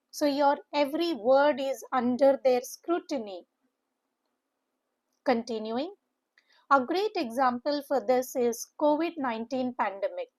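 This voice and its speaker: A woman, an English teacher giving an exam-prep lesson, explaining word by word and slipping Hindi phrases into her English. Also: high voice.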